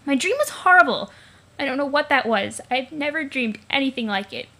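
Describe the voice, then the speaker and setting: Weary, grumpy teenage girl, blunt delivery, high voice; a woman reads her. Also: animated, fairly quick, bright, forceful tone, heavily acted. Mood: shaken.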